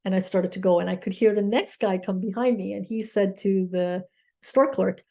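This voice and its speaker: Woman life coach telling a story, mellow warm voice, keeps saying okay?, sincere and thankful. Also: mid-range voice, steady tone, normal speed. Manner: earnest, grateful, inspirational. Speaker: mindset coach. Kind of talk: personal storytelling to camera.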